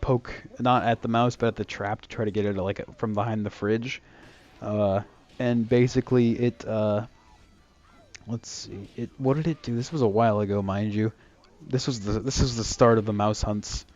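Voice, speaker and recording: Young man, casual rambling storyteller, low flat voice, dull lo-fi recording. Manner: rambling, lots of fillers and restarts; acts out quoted lines in a raised voice. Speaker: vlogger telling a story.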